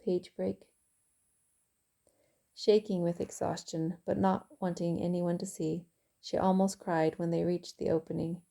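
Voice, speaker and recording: A woman author reading her own novel aloud in calm, even audiobook narration. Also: on the low side, unhurried, creaky.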